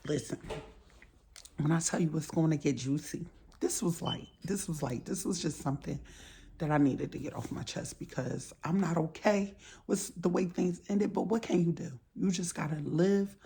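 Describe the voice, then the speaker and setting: A woman's voice: deep voice, moderate pace, mellow, a little hiss or hum. A woman in casual storytime vlog style, animatedly acting out both sides of an argument. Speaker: storytime vlogger.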